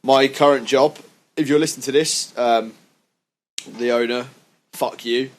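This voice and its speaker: Young man, casual podcast chat, sweary, ranting, mid-pitched voice. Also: fairly even intonation, unhurried. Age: young adult. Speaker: podcast co-host.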